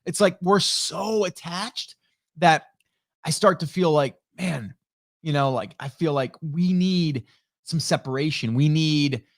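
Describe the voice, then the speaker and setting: A middle-aged man chats casually on a live stream, trailing off into fillers and restarting his sentences. His voice sits a little high for a man. He speaks into a close studio microphone with no room sound at all. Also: slow pace, no echo. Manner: rambling, many fillers and restarts; reads viewer comments aloud. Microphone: studio dynamic microphone.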